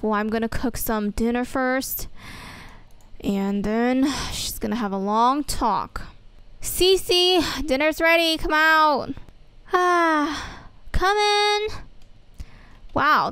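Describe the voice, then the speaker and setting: A woman playing teen schoolgirl, whiny and exasperated, high voice, slow delivery. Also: fairly bright tone, smooth, no echo, heavily acted. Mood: puzzled. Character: upset teenage schoolgirl, story's main girl.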